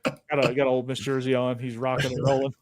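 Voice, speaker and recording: A man's voice: mid-range voice, completely flat delivery, quick pace, darkish tone. A man co-hosting a casual sports podcast, easygoing and trailing off with fillers between thoughts. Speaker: podcast host.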